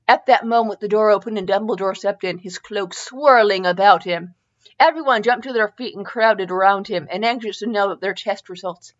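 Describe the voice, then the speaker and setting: A woman's voice: mid-range voice, moderate pace, dull audio. A woman hosting a podcast, reading fan fiction aloud in an amused way, with small stumbles. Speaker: podcast host.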